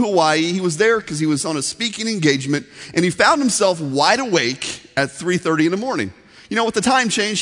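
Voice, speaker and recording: A man's voice: high voice, fairly bright tone. A man preaching a sermon as pastor, telling a story in an earnest, conversational way. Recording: long reverb of a large hall.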